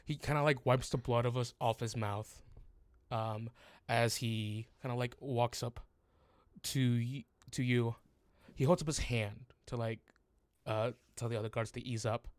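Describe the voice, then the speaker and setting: A man running a tabletop game, describing scenes slowly with many pauses and fillers. His voice is smooth and clear. The sound is dry and close. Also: mid-range voice, fairly even intonation, no echo. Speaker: game master.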